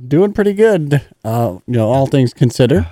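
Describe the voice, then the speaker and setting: Easygoing man with a mellow voice. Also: medium pitch, big pitch swings, normal speed, no echo, clean studio sound. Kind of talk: casual talk show chat.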